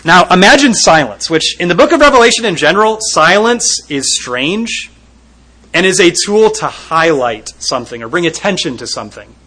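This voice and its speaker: A man preaching a sermon, retelling a scripture scene vividly and rising to loud emphasis at its peaks. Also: high-pitched, lively intonation, moderate pace, rough recording.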